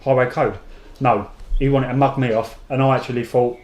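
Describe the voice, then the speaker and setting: A man's voice: mid-range voice, fast, echoey room. A man, co-hosting a podcast and telling stories in casual, sweary chat. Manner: sweary, animated storytelling. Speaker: podcast co-host.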